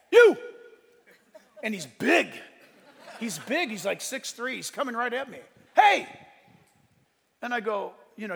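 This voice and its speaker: A man preaching a sermon as pastor, animated and storytelling, acting out conversations with loud bursts. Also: high voice, gravelly, in a large hall, a little hiss or hum. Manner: animated storytelling, acts out exchanges with loud outbursts. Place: church sanctuary.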